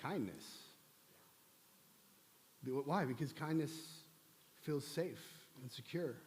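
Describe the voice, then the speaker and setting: A man's voice: mid-range voice, slow, a little mellow, a little hiss or hum. A man preaching in a church, humorous and conversational in manner. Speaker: pastor. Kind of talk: sermon. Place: church sanctuary. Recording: long church hall reverb.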